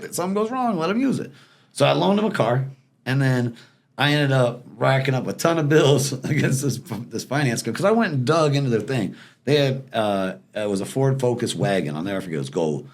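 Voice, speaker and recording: A man talks quickly on a podcast, rattling through a story in a casual, unhurried-sounding but rapid delivery. He slips into quoted voices of the people in it as he goes, keeping a mid-range pitch throughout. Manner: fast, animated storyteller acting out quoted people. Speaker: podcast guest, former repo man.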